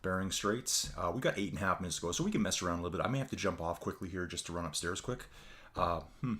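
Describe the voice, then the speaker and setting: A man's voice: low voice, animated, quick pace, fairly bright tone. A tired man hosting a casual live stream, chatting loosely with viewers and calling them folks. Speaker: livestream host. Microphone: desk mic with adjustable gain.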